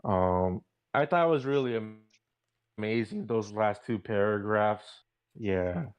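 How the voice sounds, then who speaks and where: A man co-hosting a casual political chat, speaking in a measured, hesitant way with fillers. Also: lowish voice, clear, resonant tone, muffled recording. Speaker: podcast co-host.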